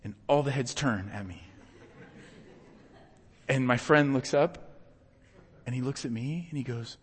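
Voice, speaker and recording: A man preaching a sermon as pastor, telling personal stories in an earnest, animated way with bursts of loud emphasis. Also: mid-range voice, normal speed, pauses often. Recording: long hall reverb.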